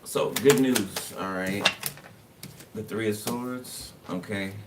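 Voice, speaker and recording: A lower-voiced man chats through a tarot reading in a loose, offhand way and laughs to himself between cards. He sits back from the microphone, and loud steady noise runs under his voice. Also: slow pace. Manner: loose and chatty, laughs to himself, talks to the viewer while pulling cards. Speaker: tarot reader. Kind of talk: casual tarot reading monologue. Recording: distant mic with loud background noise.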